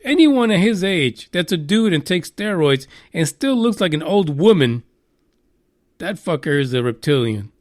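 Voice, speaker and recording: A man's voice: on the high side, moderate pace, no echo, studio quality. A man hosting a live podcast in casual, joking chat, swearing freely and going off on tangents. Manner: profane, joking, animated. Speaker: podcast host.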